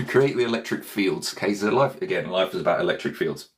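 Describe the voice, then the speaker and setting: Deep-voiced man, rambling. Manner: loose, digressive, keeps checking in with "okay?". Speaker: meditation teacher and author. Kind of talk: casual rambling talk to viewers.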